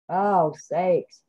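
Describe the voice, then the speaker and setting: A woman joining a live stream as a guest, easygoing and quick to laugh. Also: mid-range voice, dark tone, breathy edge. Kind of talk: casual live-stream chat.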